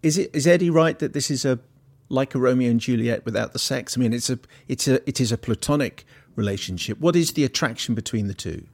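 A man's voice: mid-range voice, quick pace, a little mellow. A man hosting a radio film show, asking reflective questions of his guests. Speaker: radio host. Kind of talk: radio interview.

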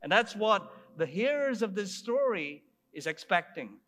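A man's voice: high-pitched, very animated, measured pace, fairly bright tone. A man preaching a sermon, retelling a story with emphatic rhetorical asides to his congregation.

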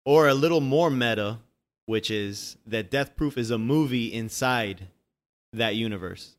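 A man chatting casually about a movie, rambling and animated, swearing freely. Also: medium pitch, unhurried.

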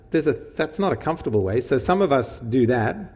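A man's voice: medium pitch, animated, a little fast, hardly any pauses, a little mellow. A man preaching a sermon in a casual, conversational way. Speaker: pastor. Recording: long hall reverb.

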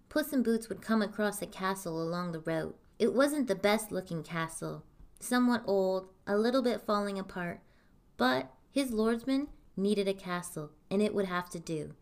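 A woman's voice: medium pitch, darkish tone. Woman reading a fairy tale aloud. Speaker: storyteller.

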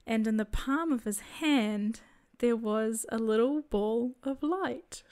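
A woman telling a personal faith testimony in a soft, reflective storytelling manner. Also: on the high side, slow, clear, resonant tone. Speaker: storyteller sharing a spiritual experience.

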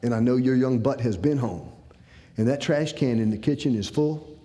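A man voicing a stern middle-aged father who lays down house rules firmly and deliberately. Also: mid-range voice, dark tone, long reverb tail, close to an everyday voice.

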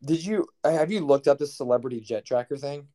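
A man's voice: mid-range voice, a little fast, warm tone. A young man co-hosting a podcast, telling stories in a rambling, profane, incredulous way. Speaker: podcast co-host. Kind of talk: casual chat.

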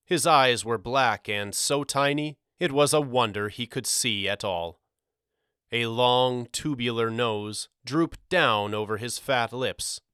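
A man narrating a storybook audiobook in a measured, expressive reading. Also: medium pitch, clear, resonant tone, no room sound, studio quality.

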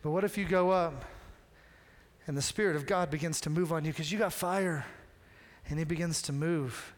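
High-voiced pastor in a reverberant hall. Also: male voice, moderate pace. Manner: animated storytelling, acting out dialogue in a casual modern voice. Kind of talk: sermon. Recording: long reverb of a large hall.

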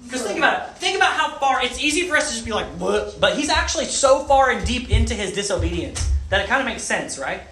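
Man preacher, high and bright voice, animated delivery full of questions to the crowd, echoey hall. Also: quick pace, few pauses, a little hiss or hum. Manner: animated, asks the audience questions. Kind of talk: sermon. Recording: echoey room.

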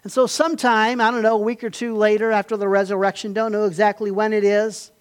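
A man preaching a sermon, building to emphatic peaks and then dropping to quiet retelling. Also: high voice, level tone, quick pace, clean tone. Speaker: pastor.

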